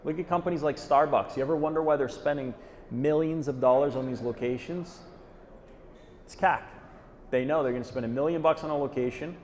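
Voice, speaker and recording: In a fairly high, fairly even voice that's a little mellow, a man talks at a quick pace during a live conference presentation. He's punchy and direct, regularly checking in with "okay?" after a point. The hall is reverberant, and faint noise runs underneath.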